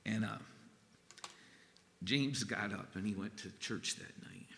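A man preaching a sermon in an earnest, halting way, with pauses and restarts. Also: on the low side, big-room sound, slight background noise. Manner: earnest, halting, gets emotional and softens. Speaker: pastor.

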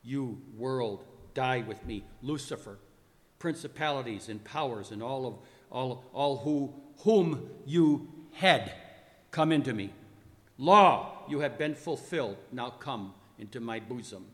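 A man acting a dying divine man who commands the unseen powers in loud, declamatory lines, with long reverb. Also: fairly low pitch, steady tone, takes it slowly, voice pushed down. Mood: commanding.

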